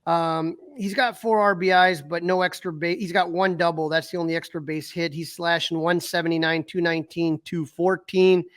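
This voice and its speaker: A man's voice: fairly high pitch, fairly even intonation, moderate pace, hardly any pauses, a bit bright, no room sound, studio quality. A middle-aged man co-hosting a sports podcast in casual chat, reading out stats with fillers and restarts. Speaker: podcast co-host.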